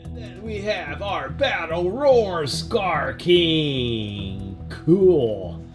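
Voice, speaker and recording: A man's voice: a little high, expressive, drawn-out words, music in the background. A man showing and unboxing toys in a vlog, playful and laughing at his own jokes. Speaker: toy reviewer.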